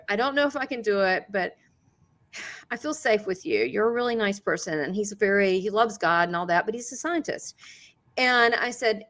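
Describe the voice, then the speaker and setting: A woman hosting an interview who works as a psychic medium, telling a story in an animated way and acting out quoted dialogue with frequent laughs. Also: mid-range voice. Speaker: psychic medium and show host.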